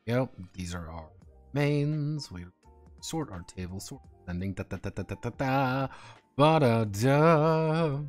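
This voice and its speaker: A man streaming, chatting casually and rambling through profane, animated tangents over faint background music. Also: fairly low pitch, a little slow. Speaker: streamer and game designer.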